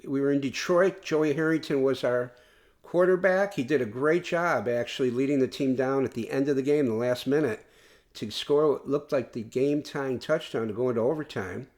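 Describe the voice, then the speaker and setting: A man sits alone at the mic hosting his own podcast. He talks in a loose, earnest, rambling way and often circles back to restart a sentence. His voice sits at an ordinary middle pitch. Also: moderate pace, a little mellow. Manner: rambling, earnest fan talk with frequent restarts. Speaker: podcast host. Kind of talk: casual solo podcast monologue.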